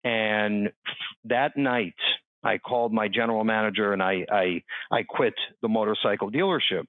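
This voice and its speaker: A man in his forties from South Florida, telling a personal story as a podcast interview guest in an animated way, acting out the people he quotes. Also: lowish voice, normal speed, no room sound. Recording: dry, tinny phone-like line.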